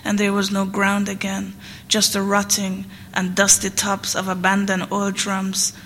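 A woman reading literary fiction aloud in a hall, measured and rhythmic. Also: medium pitch, completely flat delivery, a bit bright. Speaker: reader. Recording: long hall reverb, faint noise.

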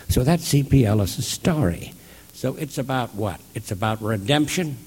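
A man telling a story in an animated way, slipping into the voices of the people in it. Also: medium pitch, moderate pace, breathy edge, in a large hall. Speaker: speaker retelling a story. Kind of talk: spoken storytelling talk.

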